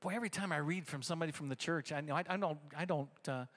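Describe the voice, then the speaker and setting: A middle-aged man preaching in church with a high, ringing voice that sits well above most men's. He drives his points home through repetition and keeps calling out to the congregation for responses. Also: very fast, a bit bright. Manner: emphatic, repetitive, rallying the congregation. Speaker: pastor. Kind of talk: sermon. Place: church service.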